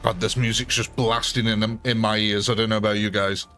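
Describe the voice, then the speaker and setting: A man's voice: lowish voice, little pitch movement, fairly quick, fairly bright tone. Chatty man over game music. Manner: chatty, jokey, reads out viewer names. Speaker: livestream host. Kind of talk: casual live gameplay commentary.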